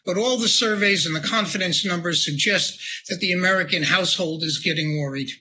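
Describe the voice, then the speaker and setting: Male economist in interview, analytical and high-pitched, faint hiss under him. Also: brisk, sharp tone. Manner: analytical, thinking aloud. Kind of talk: interview answer.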